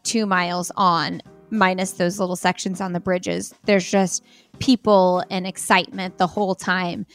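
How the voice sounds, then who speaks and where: An American woman chats easily as a podcast guest, her voice in a middling pitch. She laughs often and fills her sentences with "like" and "um". Faint music sits behind her. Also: a bit bright. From United States. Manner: chatty, laughs often, many fillers like "like". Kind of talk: casual interview chat.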